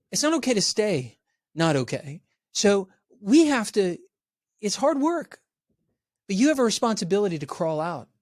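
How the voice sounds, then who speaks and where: A man's voice: sits high, no room sound, studio quality. A man giving a podcast interview as a resilience educator, talking with energy and acting out the voices of the people he quotes. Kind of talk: animated podcast talk.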